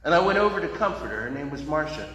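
A male pastor tells stories in a folksy, conversational sermon, his voice a little high for a man, fairly bright, sing-song and fast. Long reverb from a large hall rings around his words.

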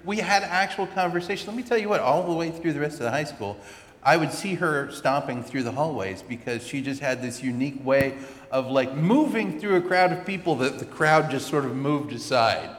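A man, a pastor, telling a personal story in a sermon with chatty, animated asides. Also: fairly high pitch, moderate pace. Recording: echoey hall with long reverb.

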